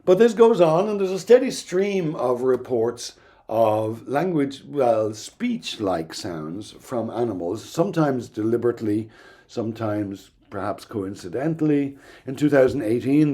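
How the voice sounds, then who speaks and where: A middle-aged man giving a recorded university lecture in an explanatory, thoughtful way, pausing now and then with "um". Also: medium pitch, sing-song, dark tone. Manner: explanatory, thoughtful, with occasional ums and restarts.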